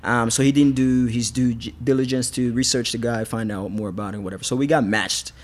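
A man's voice: mid-range voice, fairly even intonation, brisk. A man, a fighter guest on a podcast, telling stories in a rambling, casual way with frequent restarts. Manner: rambling, restarts, laughs often. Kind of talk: casual storytelling interview.

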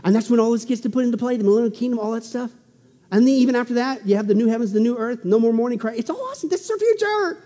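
A male pastor preaching a sermon, swinging between loud exclamations and hushed asides. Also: very high-pitched, little pitch movement, very fast, long reverb tail.

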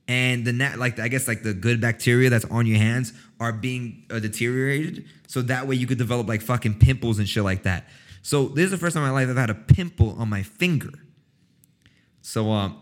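A young man chatting casually to his viewers, rambling and swearing, often breaking into a loud high-pitched cackle. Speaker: livestream host. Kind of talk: casual chat.

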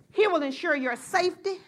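A woman pastor preaching a sermon to her church, getting excited and rising to shouts as she calls out to the congregation. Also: extremely high pitch.

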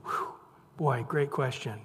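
A man's voice: medium pitch, takes it slowly, fairly bright tone. A man preaching a sermon in a conversational, playful storytelling way, acting out the voices of the people he quotes. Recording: long hall reverb.

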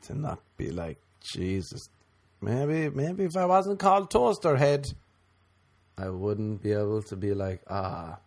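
Profane sarcastic man ranting comedically. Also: husky. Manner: sarcastic, profane, mocking with high put-on voices. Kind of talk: comedic monologue rant.

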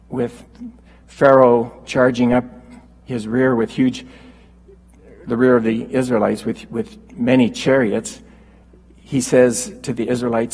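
Husky preacher man in a reverberant hall. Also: medium pitch, a little mellow. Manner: unhurried, halting with fillers, rising when quoting scripture. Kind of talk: sermon.

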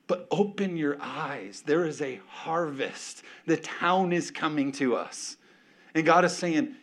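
Speaking slowly in a fairly high-pitched voice, a male pastor preaches a sermon. He is emphatic and animated, calling out to the congregation and tossing in casual, joking asides.

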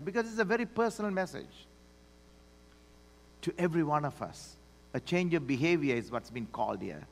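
Male pastor preaching, super lively, jumps from low murmurs to loud commands. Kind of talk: sermon. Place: church sanctuary. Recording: long hall reverb.

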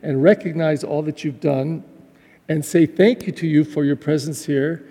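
A Catholic pastor, a man, preaches a graduation homily with a high yet mellow voice. He talks in a heartfelt, conversational way and often restarts his sentences. His words ring out with the long reverb of a church. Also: fairly even intonation, normal speed. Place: church during Mass.

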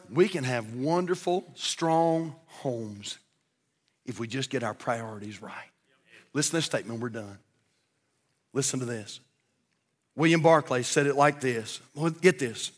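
A man with a Southern American accent, preaching a sermon as pastor, telling jokes with a rising voice and praying in a low tone. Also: a bit bright, big-room sound. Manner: storytelling preacher, voice rising for punchlines and dropping low in prayer. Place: church sanctuary.

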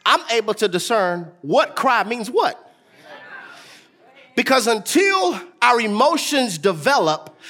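A man in his thirties, a pastor delivering a sermon and talking straight to the congregation, his preaching swelling into shouts with a sing-song cadence. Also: high-pitched.

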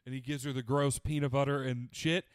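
A man's voice: medium pitch, fairly quick, smooth, no room sound, studio quality. A man chatting casually and crudely, animatedly retelling a show and quoting its characters. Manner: profane, animated retelling with quoted voices.

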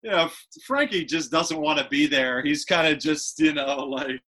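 A man chatting in a relaxed way about a movie on a podcast, explaining with fillers. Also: fairly high pitch, normal speed. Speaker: podcast co-host. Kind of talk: casual movie-review chat.

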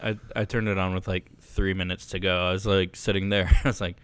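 A man's voice: low-pitched, flat delivery, a little fast, clean tone, no echo. A man co-hosting a podcast in easygoing casual chat, teasing his friend and laughing along. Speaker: podcast co-host.

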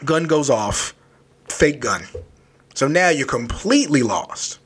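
A man casually recapping a children's horror story, loose and animated, with lots of filler words. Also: mid-range voice, slow, a little hiss or hum. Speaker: book reviewer.

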